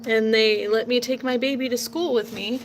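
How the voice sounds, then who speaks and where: A woman's voice: fairly high pitch, steady tone, moderate pace, a little hiss or hum, poor audio. A woman in her late thirties from Portland, Oregon, chatting casually and rambling in a folksy way while she works, recorded on a phone outdoors. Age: 30s. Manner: rambling, folksy, drifts into a playful southern drawl. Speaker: vlogger. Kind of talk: casual chat while crafting. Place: outdoors at home. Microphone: phone nearby.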